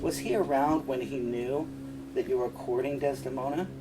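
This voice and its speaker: A man's voice: mid-range voice, moderate pace, over music, lightly acted. A man reading the part of Iago, a scheming officer, asking sly and probing questions, with the mic set some way back. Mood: insinuating. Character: Iago, a scheming male officer sowing doubt. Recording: distant mic, faint room noise.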